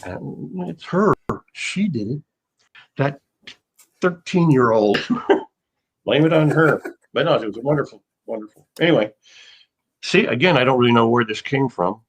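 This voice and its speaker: A man's voice: mid-range voice, expressive, unhurried, pauses often, husky, low-quality recording. An older man, an actor, telling rambling, anecdotal stories in a casual interview, with many restarts.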